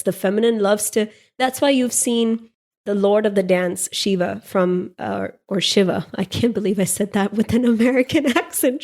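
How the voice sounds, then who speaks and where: A woman's voice: mid-range voice, a little mellow. A woman hosting a podcast, giving a playful, irreverent spiritual monologue with frequent laughs. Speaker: podcast host.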